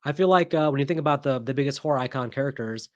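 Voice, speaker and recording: On his casual horror movie vlog, a man with a middle-pitched voice shares his picks with strong opinions, rambling chattily with lots of ums and restarts. He talks rapid-fire. The sound is dry, close and lo-fi, with little room echo.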